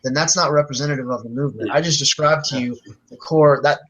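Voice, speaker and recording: A man's voice: mid-range voice, fast, highs cut off, noisy background. Man, mid-range voice, emphatic, persuasive, lecturing, casual discussion. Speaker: vegan advocate in a discussion.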